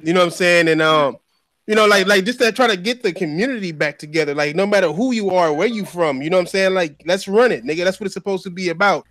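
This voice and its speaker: A man hosting a casual podcast chat, animated and slangy, repeating himself as he talks. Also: high voice, quick pace, no room sound, studio quality. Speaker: podcast host.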